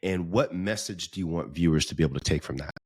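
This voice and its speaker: Male interviewer, very low voice, relaxed question-asker. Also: fast talker, husky. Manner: brief reactions and open questions. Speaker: podcast host.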